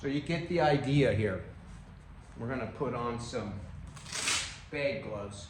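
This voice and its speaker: A man coaching striking in an unhurried, loose way, his slightly high voice ringing around a strongly echoing room. He punctuates each demonstrated move with sharp "boom" and "bam" sounds, heard off-mic through a camera set some distance away, with faint noise behind. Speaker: martial arts instructor. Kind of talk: casual demonstration talk. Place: room, filmed on own camera.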